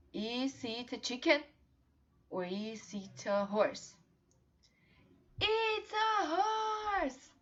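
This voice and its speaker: A young woman teaching English to small children in slow, encouraging, sing-song questions, recorded on a laptop mic. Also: a little high, pushed and bright. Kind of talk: children's online class with songs. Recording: slightly dull lo-fi home recording.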